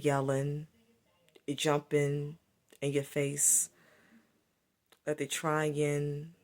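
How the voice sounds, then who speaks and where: A woman's voice: low voice, a little mellow. A woman giving a solo spiritual monologue to camera, repetitive and emphatic as she accuses. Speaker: spiritual vlogger.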